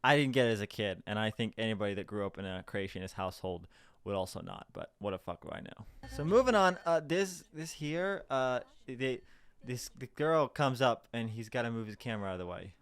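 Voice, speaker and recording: Sarcastic, swearing man with a lively voice. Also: mid-range voice, brisk, clean tone, no room sound. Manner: sarcastic, profane, rambling with restarts. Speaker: reaction video host. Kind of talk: casual commentary over a played clip.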